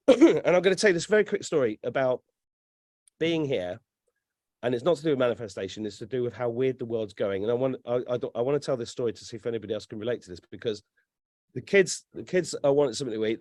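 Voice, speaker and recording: Animated, sweary man. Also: mid-range voice, quick pace, dry recording, clean studio sound. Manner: animated storyteller, swears freely. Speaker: guest. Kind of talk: casual podcast chat.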